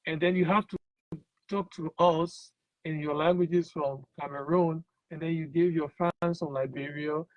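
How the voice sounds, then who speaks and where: A man's voice: on the high side, darkish tone, no room sound. A man hosting an interview show, upbeat and coaxing his guest along in casual talk. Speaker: host. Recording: dull, muffled sound.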